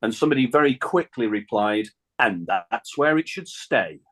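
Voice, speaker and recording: A middle-aged man, a singer telling a lively anecdote in a radio interview and laughing often. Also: mid-range voice, moderate pace. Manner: chatty storyteller, laughs often, acts out phone calls. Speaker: guest singer. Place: radio studio.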